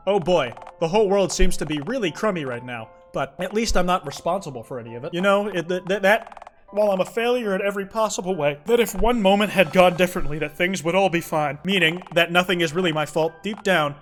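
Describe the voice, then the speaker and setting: A man's voice: high voice, lively intonation, fast talker, fairly bright tone, soft background music. A man voicing a mopey non-human down-and-out. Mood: rambling. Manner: mopey, rambling, self-deprecating. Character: down-and-out non-human male loser, gloomy and self-pitying. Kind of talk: reading game dialogue aloud.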